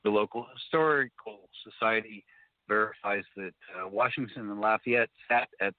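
A man calling in to a talk show, telling a story in a rambling, halting way with many restarts. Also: on the low side, no echo. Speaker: caller. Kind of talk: casual phone conversation. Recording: tinny phone line, dry.

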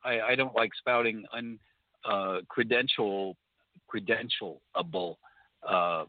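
A man with a lowish voice, talking as a guest in a casual conversation. He stops and restarts often as he searches for words. The sound is tinny and phone-like, with no room echo. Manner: halting, many fillers and restarts. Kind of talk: casual talk-radio conversation. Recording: tinny phone-like line, dry.

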